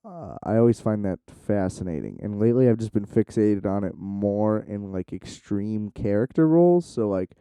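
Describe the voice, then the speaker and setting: A young man with a very dark, mellow voice, rambling loosely into a close, dry mic. He swears freely and keeps restarting his sentences, talking casually to the camera. His voice sits a little low and comes across smooth. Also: lively intonation, moderate pace, few pauses, no room sound. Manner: loose, profane, full of "like" and restarts. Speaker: vlogger.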